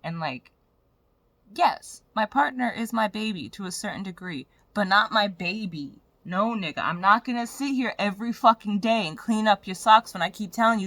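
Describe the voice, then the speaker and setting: A young woman speaks straight to her vlog audience, frank and profane as she rambles through her story. Her voice is bright and forward. The sound is dry and close, with no room ring. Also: medium pitch, animated, normal speed, no echo. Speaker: vlogger. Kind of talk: candid personal vlog rant.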